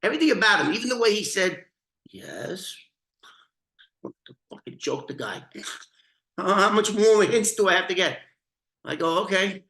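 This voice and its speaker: A man telling a story from his own past in casual talk, blunt and profane, often restarting and clearing his throat. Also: high voice, lively intonation, a little fast, pushed and bright, echoey room.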